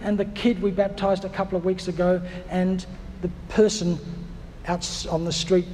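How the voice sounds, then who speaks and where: A man preaching a sermon in a lively, conversational way, with quick restarts and pauses. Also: sits high, in a large hall, a little hiss or hum.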